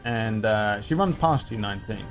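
A man running a tabletop game, talking in a relaxed, halting way, with lots of fillers and goofy sound effects. A faint bed of music plays quietly behind him. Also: fairly low pitch. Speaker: game master.

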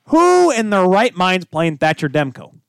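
Animated man hosting a hockey talk show. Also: sits high, unhurried, creaky, smooth, dry recording. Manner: animated, teasing, breaks into shouted bits. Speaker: podcast host. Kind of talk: casual sports chat.

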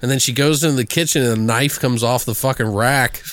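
A man's voice: medium pitch, brisk, a bit bright. A man casually recapping a horror movie with a co-host, swearing a lot, laughing and acting out the characters' lines. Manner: profane, laughing, recaps with mock quotes. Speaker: podcast co-host.

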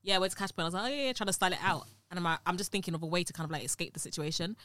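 Brief: young British woman, quick and bright, lively storyteller, dry close mic. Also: on the low side, dry recording. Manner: animated storyteller, acts out quotes. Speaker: guest. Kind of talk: casual podcast chat.

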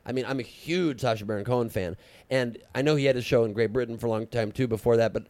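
Comedian, late 30s, rapid-fire anecdotes, dry close mic. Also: male voice, medium pitch, dry recording. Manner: fast, animated storytelling with fillers. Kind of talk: casual podcast chat.

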